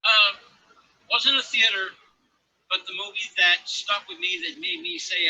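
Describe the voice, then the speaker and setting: A man's voice: high voice, brisk, bright, forceful tone, rough recording. A young adult man co-hosting a podcast, hesitant in casual chat. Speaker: podcast co-host.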